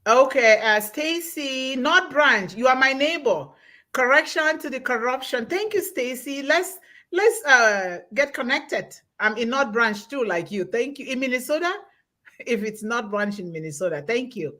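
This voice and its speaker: High-voiced woman hosting a live webinar. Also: animated. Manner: effusive, warm thanks, reads comments aloud slowly. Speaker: host reading audience comments. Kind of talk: live online webinar talk.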